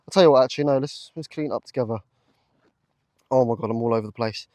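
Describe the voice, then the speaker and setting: A man talking casually to camera while metal detecting in a field, chatty and easily excited, with lots of fillers. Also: medium pitch, quick pace, dry recording. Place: open field outdoors.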